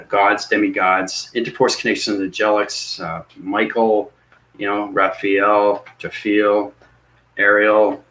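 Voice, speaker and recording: Low-voiced man giving a rambling spiritual talk. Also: fairly bright tone, low-quality recording. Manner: repetitive, earnest, rambling. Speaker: spiritual teacher.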